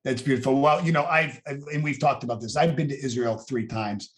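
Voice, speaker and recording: A man hosting a casual interview over a video call, enthusiastic and laughing often, stumbling into quick restarts. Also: mid-range voice. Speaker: host.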